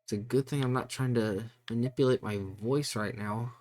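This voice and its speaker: A woman streamer in relaxed, casual chat who laughs often. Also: extremely low pitch, moderate pace.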